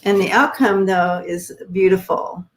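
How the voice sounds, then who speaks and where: A woman's voice: mid-range voice, measured pace, a little hiss or hum, low-quality recording. A woman co-hosting a live stream, giving loose, hesitant tarot readings with many fillers. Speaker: co-host and tarot card reader.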